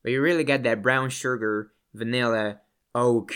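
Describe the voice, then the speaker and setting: A man's voice: mid-range voice, steady tone, normal speed, a bit bright, clean tone. A man talking casually as a whiskey vlogger, rambling and restarting his sentences and swearing now and then. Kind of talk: casual chat.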